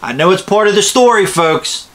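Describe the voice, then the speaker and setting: A man's voice: high voice, animated, moderate pace. A man giving a profane, sarcastic ranting commentary while reviewing a movie. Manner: profane, sarcastic, swings from loud to muttering.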